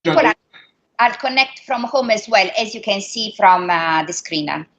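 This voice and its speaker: A woman's voice: medium pitch, lively intonation, moderate pace, a bit bright, highs cut off. A woman with an Italian accent, hesitant and searching for words as she sets up a class call. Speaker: course host.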